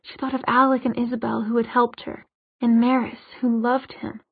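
Female audiobook narrator, slightly high and husky, close dry mic, dull lo-fi audio. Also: flat delivery, moderate pace, no room sound.

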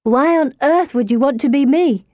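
A woman voicing a plain, beaten-down teenage girl who speaks flatly and dryly. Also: sits high, normal speed, no echo, voice pushed up, natural voice. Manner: flat, dry.

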